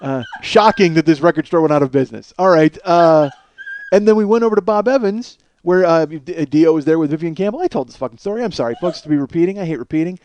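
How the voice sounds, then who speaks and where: This recording is muffled, but the man's voice comes through fairly high, clean and a little mellow as he talks quickly. He's a podcast host in his home studio at night, spinning a long, casual yarn that rambles, curses and brims with filler.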